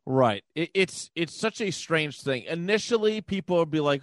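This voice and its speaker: A man's voice: on the high side, lively intonation, normal speed, dry recording. A man co-hosting a podcast, rambling loosely through casual sports chat, laughing often and swearing now and then. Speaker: podcast co-host.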